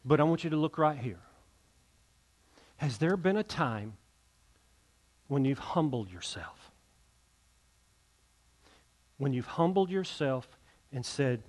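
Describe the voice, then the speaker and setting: A man's voice: medium pitch, sing-song, slow, long pauses. Earnest preacher man. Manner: earnest, rising emphasis, repeats words. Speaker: pastor. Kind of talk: sermon with invitation.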